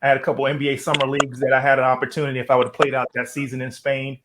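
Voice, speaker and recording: A man's voice: mid-range voice, monotone, very fast, noisy background. A man hosting a talk show, speaking earnestly and reflectively about his own past before asking his guest a question. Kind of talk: interview.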